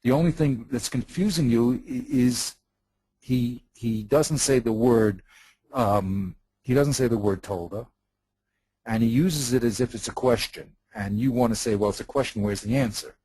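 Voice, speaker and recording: A man's voice: mid-range voice, normal speed, warm tone, husky, no echo, poor audio. A man teaching in a study session, patiently explaining a text, repeating himself and checking that his partner follows.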